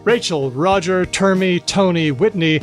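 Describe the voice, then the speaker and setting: A man hosting a podcast in a playful, casual way, briskly reading out lists of names. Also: high-pitched, over loud music. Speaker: podcast host.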